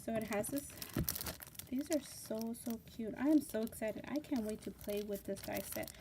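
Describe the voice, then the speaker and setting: A woman hosting a casual craft unboxing vlog, gushing and excitable, with lots of fillers and repeated words. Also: a little high, normal speed, noisy background. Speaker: craft channel host.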